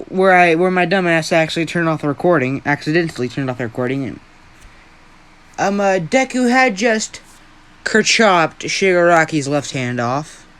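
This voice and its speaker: A man's voice: high-pitched, fairly bright tone, clear, resonant tone. A young man who hosts a fan-story channel, telling an improvised story in a rambling, self-deprecating way with a lot of swearing.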